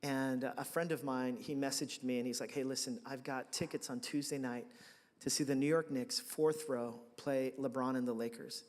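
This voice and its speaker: A man's voice: mid-range voice, fairly even intonation, normal speed, a little mellow. A male pastor delivers a sermon in a casual, storytelling manner. His voice sits in a middle range, and he acts out his own past reactions as he tells the story. The sound carries a long church-hall reverb. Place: church sanctuary.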